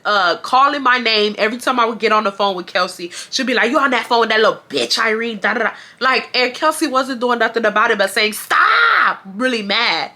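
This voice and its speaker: A woman, telling a casual storytime and acting out the quotes in slang. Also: on the high side. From Houston, Texas. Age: 20s. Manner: animated, acts out quotes with slang. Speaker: YouTube storyteller.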